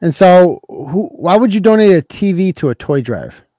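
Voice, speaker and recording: A man's voice: high voice, very animated, moderate pace, mellow, no room sound. A man hosting a livestream podcast, talking casually, blunt and profane, grilling a caller. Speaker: podcast host.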